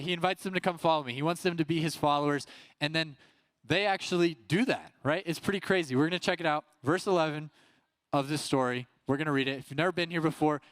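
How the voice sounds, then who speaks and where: A man's voice: a little high, a bit bright, smooth, dry recording. A young man, a youth pastor, preaching a casual youth sermon and telling the story loosely, acting out the voices of the people in it. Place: youth service room.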